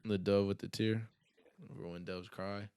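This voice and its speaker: Laid-back young man, smooth low voice. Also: fairly even intonation, normal speed, dark tone. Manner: laid-back, slangy, rambling with many fillers. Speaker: podcast guest. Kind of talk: casual podcast chat.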